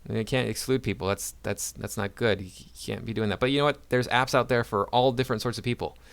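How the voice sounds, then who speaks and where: A man's voice: medium pitch, a little fast, creaky, a bit bright, smooth. A man hosting his own channel, reading news articles aloud and breaking in with sarcastic, mocking asides. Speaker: YouTube commentator.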